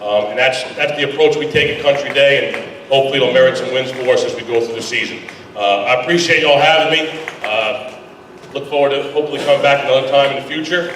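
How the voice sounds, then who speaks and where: A man, a high school football coach, giving a casual, folksy speech to a booster club. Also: quick pace, fairly bright tone, slight background noise. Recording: echoey hall, voice from far off.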